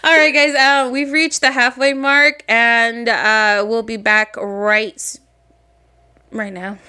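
A young woman co-hosting a podcast, telling a story in casual chat, animated, laughing often and slipping Spanish phrases into her English. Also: a little high, takes it slowly, clear, resonant tone. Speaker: podcast co-host.

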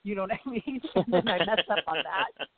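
A woman's voice: mid-range voice, a little fast, breathy edge, no echo. A middle-aged woman, a guest in a casual interview, telling long rambling stories full of "you know" and acted-out quotes. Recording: phone-like audio.

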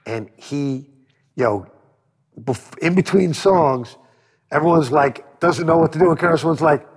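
A man being interviewed as a record producer, telling animated stories, acting out quotes and swearing freely. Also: fairly high pitch, a little slow, husky, long reverb tail. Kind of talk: storytelling interview.

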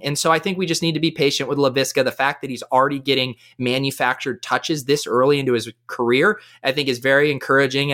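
A young man with a bright, forceful voice breaks down fantasy football picks in a casual podcast chat. He talks with high energy and quick analysis, dotted with "like" and "uh." His tone stays keen and engaged. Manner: energetic, fast analytical talk with fillers.

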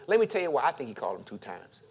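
A man's voice: mid-range voice, huge pitch swings, rapid-fire, gravelly, a little mellow. A man preaching a sermon, reading scripture aloud and joking as he acts out the voices of the story. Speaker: pastor.

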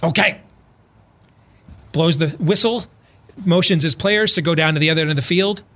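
Male talk-radio co-host, bright tone, lively storyteller, emphatic. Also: on the high side, moderate pace. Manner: animated storyteller, acts out quotes, builds to loud emphatic punches. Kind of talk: political talk radio monologue.

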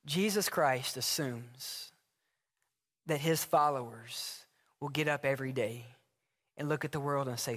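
A man's voice: a little high, normal speed. A man preaching a sermon from the pulpit, telling stories and acting out short dialogues. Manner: animated storytelling with acted dialogue. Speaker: pastor. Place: church sanctuary. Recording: long hall reverb.

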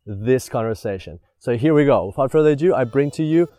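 Over soft background music on a dry recording, this man speaks a little fast in a warm, expressive, medium-pitched voice. A native Russian speaker hosting a podcast intro and interview, he's eager and energetic, peppering his speech with fillers, especially "like".

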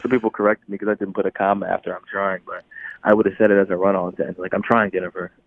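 A young man speaking as a guest in an interview, relaxed and chuckling often, sometimes restarting his phrases. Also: deep voice, very fast. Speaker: guest athlete. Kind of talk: casual interview talk. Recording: tinny phone line.

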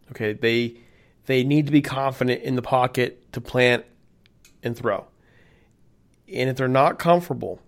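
Male podcast co-host, mid-pitched, chatty and animated, quick to laugh. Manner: animated, laughs easily, teasing. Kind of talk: casual sports podcast chat.

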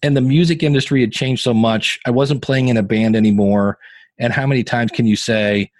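A man in his fifties, a podcasting guest, telling animated, self-deprecating stories in a casual interview. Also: mid-range voice, brisk, no room sound. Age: 50s.

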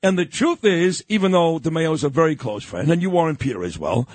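Husky-voiced male host, dry sound. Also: on the high side, animated, brisk, darkish tone, dry recording. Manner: friendly, agreeable interviewer. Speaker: interview host and actor. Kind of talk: casual interview chat.

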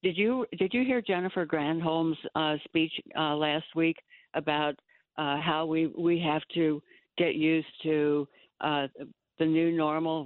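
A woman calling in to a talk radio show over a phone line that sounds thin and narrow. She speaks haltingly and fills her pauses. Her voice is dry, with no room sound. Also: low-pitched, dry recording. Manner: hesitant, halting, many fillers. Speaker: caller.

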